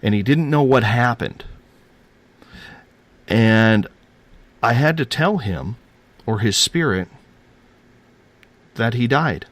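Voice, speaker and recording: A man's voice: mid-range voice, lively intonation, slow pace, pauses often, fairly bright tone, no echo. A man telling a personal paranormal story in a rambling, earnest way, repeating himself and using casual slang.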